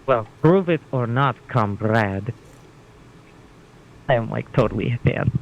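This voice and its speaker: A man's voice: mid-range voice, animated, unhurried, gravelly, highs cut off, slight background noise. A man doing blunt, teasing Wanda. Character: blunt young woman soldier from Opara.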